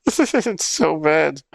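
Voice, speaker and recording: A young man chatting on his livestream, laughing in disbelief as he talks. His voice sits a touch high and swings widely up and down, at an unhurried pace. The sound is close and dry. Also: creaky, no echo. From Ottawa, Canada. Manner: giggly and incredulous, laughs through his words. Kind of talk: casual livestream chat reacting to videos.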